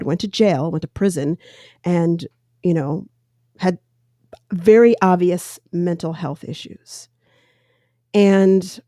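A woman's voice: lowish voice, dark tone, no room sound, studio quality. A woman hosting a solo podcast, telling a news story and giving her opinions in a rambling, self-correcting way. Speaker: podcast host. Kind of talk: casual solo podcast commentary.

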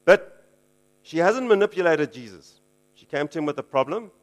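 A man's voice: a little high, big pitch swings, normal speed. Conversational male preacher. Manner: conversational, frequent "okay", chuckling asides. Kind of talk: casual teaching sermon.

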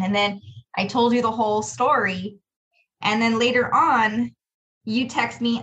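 A woman's voice: fairly high pitch, normal speed, a little hiss or hum, low-quality recording. A woman who owns a business, telling a story in a casual podcast conversation and quoting herself as she goes. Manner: storytelling, animated, quotes herself. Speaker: business owner, podcast co-host.

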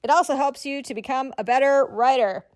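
A woman's voice: sits high, fairly quick, darkish tone. A middle-aged woman hosting a podcast, giving writers friendly, conversational tips. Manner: encouraging, conversational, tells listeners what to do. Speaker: podcast host and writing coach. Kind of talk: instructional podcast talk.

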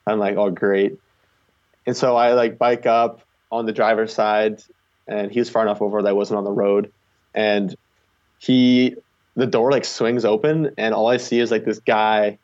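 A young Canadian man, a long-distance charity cyclist, rambles through stories as a guest in a casual interview, leaning heavily on "like." His fairly low, slightly mellow voice moves little in pitch at a normal speed, and the recording is slightly muffled.

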